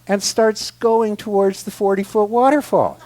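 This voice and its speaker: A man with a high-pitched voice tells a funny personal story to a congregation as a guest speaker. His delivery is animated and expressive, rising to excited outbursts and dropping to quiet, confiding asides. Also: a little slow. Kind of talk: humorous storytelling talk.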